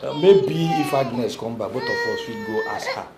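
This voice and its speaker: A man's voice: medium pitch, moderate pace. An actor playing a meddling, blundering gate man in a comic film, talking Nigerian Pidgin with stammers and slips. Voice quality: animated, slips into Pidgin, stammers over words. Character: meddling male gatekeeper, comically bossy and blundering. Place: indoor room. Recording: echoey room, loud background noise.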